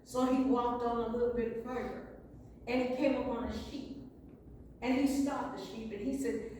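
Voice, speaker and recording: An American woman telling a folk tale to a live audience in a playful, unhurried way. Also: a little high, slight background noise. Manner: lively, playful, drawn-out delivery. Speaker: storyteller. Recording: echoey hall, voice from far off.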